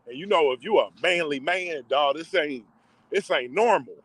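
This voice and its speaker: A man's voice: a little high, animated, normal speed, fairly bright tone. A man in casual, emotional storytelling, talking in slang with many fillers. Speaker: vlogger. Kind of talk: casual personal storytelling to camera.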